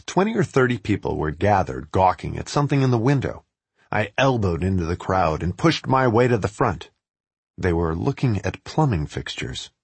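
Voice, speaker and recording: Man, wry storytelling read, husky voice, animated pitch, close and dry. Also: dry recording. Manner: wry, sardonic. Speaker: writer reading his own travel piece. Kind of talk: first-person narration read aloud.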